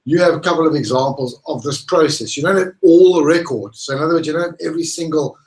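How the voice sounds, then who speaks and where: A panel moderator poses questions during a live science Q&A, laying out a tentative guess piece by piece. The moderator keeps checking in with a quick "right?". The voice sits at a middle pitch. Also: a little mellow, rough recording.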